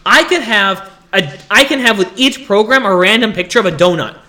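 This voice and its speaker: A young man with a fairly high voice hosts his own podcast and rants animatedly. His tone is bright and sharp, and he complains freely while breaking into laughter as he goes. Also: animated, fast. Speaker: podcast host. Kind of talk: casual solo rant.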